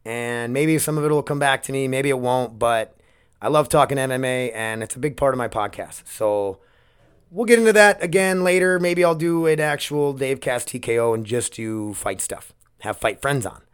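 A man hosting a solo podcast, drifting from thought to thought with a frank, loose delivery and plenty of swearing. His voice is smooth and resonant, at a middle pitch, close on the mic. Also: normal speed. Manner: rambling, candid, swears often. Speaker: podcast host. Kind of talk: casual solo podcast chat.

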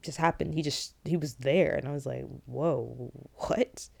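A woman's voice: deep voice, a little fast, creaky. Young woman ranting late night, lots of likes, fed up but laughing it off. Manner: animated, exasperated, rambling with many likes. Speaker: vlogger. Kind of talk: late-night casual storytelling.

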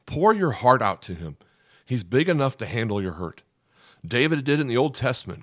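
A man's voice: medium pitch, big pitch swings, normal speed, no echo. Earnest preaching man, dry sound. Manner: earnest, emphatic preaching with frequent "okay?" asides. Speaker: pastor. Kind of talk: sermon.

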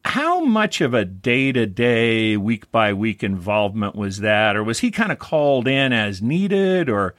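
A man's voice: medium pitch, very animated, unhurried, hardly any pauses, a bit bright, no room sound, studio quality. A man hosting a casual interview, asking eager, curious questions. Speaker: podcast host, interviewer.

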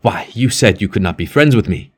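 A man's voice: fairly low pitch, lively intonation, a little fast, slightly rough. A man voicing a weary priest who lost faith. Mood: angry. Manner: heavy, gloomy. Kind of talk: audiobook character reading.

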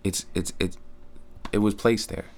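Young male podcast guest with a very low voice, earnest and slangy. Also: steady tone, unhurried, darkish tone. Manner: earnest, slangy, restarts often. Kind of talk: casual podcast chat.

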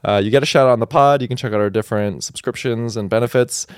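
A man's voice: mid-range voice, fast talker, clean tone, no room sound. Laid-back male podcast co-host, dry sound. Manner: laid-back, laughs often. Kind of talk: casual chat.

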